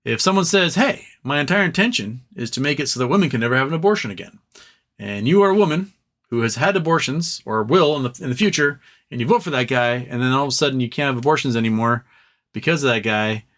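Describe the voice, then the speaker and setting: A man's voice: medium pitch, expressive, fast talker, fairly bright tone. A man hosting a livestream, chatting casually and rambling, acting out other people's lines with exasperation. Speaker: livestream host.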